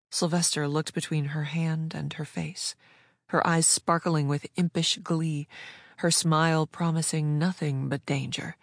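A woman narrating fiction in a smooth, measured storytelling voice. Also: deep voice, fairly even intonation, no echo, clean studio sound. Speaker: audiobook narrator. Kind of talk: scripted narration.

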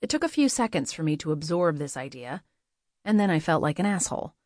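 A woman reading a first-person novel aloud as an audiobook narrator, in a measured, steady storytelling manner. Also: deep voice, no echo, clean studio sound.

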